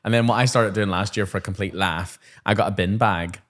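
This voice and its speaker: A man in his thirties, a teacher co-hosting a chat show, telling lively stories and acting out classroom voices. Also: fairly low pitch, brisk. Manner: animated storyteller, acts out classroom voices. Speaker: podcast co-host, teacher. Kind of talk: casual chat.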